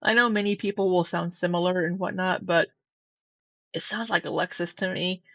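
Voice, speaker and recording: A woman's voice: fairly low pitch, steady tone, moderate pace, fairly bright tone, no echo. Chatty woman host, dry close sound. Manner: chatty and gushing, rambling asides. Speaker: commentary host. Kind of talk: casual commentary.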